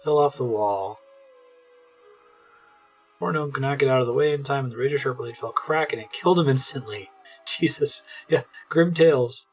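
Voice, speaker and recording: A man's voice: medium pitch, a little fast, slightly rough, soft background music. A man doing gameplay commentary, reading the game text aloud with wry, amused asides. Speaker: let's play streamer.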